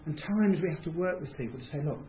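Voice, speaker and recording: A man's voice: on the high side, lively intonation, quick pace, a crowd in the background. A man giving an informal, conversational talk, self-deprecating and acting out people's reactions as he speaks. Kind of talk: informal talk to a small group. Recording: tinny, roomy, faint hiss.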